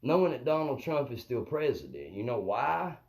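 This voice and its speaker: A man's voice: mid-range voice, big pitch swings, normal speed, darkish tone, low-quality recording. Rambling, profane male comic. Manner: profane, rambling, keeps asking "you know what I mean". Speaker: comedian hosting a live stream. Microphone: phone or webcam on a live stream.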